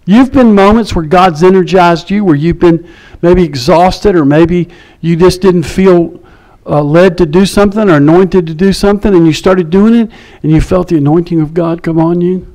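Preaching at a normal pace in a high voice, this pastor recounts something from his own life in a chatty way, lowering to a near whisper when the story turns quiet.

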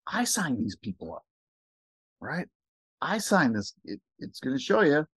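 An excited man talking fast and rambling as he walks viewers through a screen share for a recruiting pitch. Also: breathy edge, no echo. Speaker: network marketing recruiter.

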